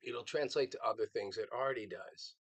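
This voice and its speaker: A man's voice: mid-range voice, a little fast, no echo, poor audio. A man giving earnest political commentary on a live show, rambling with restarts and repeated words.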